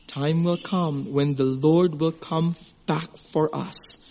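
A middle-aged man preaching a sermon in an earnest, emotional way, at times hushed and at times high and excited. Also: slow pace. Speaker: pastor.

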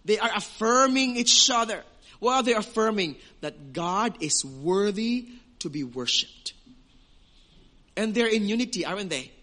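A man's voice: sits high, lively intonation, measured pace, pushed and bright. A man preaching a sermon as pastor, emphatic, with rhetorical questions.

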